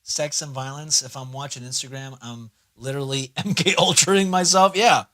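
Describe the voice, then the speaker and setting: A man's voice: medium pitch, fairly even intonation, normal speed, a bit bright. A young man chatting casually on a livestream, rambling and swearing, sometimes talking himself through his computer setup. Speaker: streamer.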